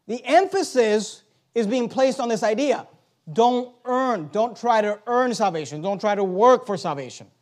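High-voiced man preaching an emphatic sermon. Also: lively intonation, normal speed, darkish tone. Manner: emphatic, rhetorical questions, reads scripture aloud.

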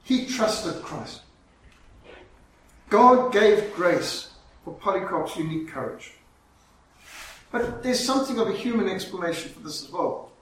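A man preaching a sermon, telling a story dramatically and slowing down for emphasis. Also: high voice, expressive, a bit bright, a little hiss or hum. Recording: very echoey, from far off, faint ambience.

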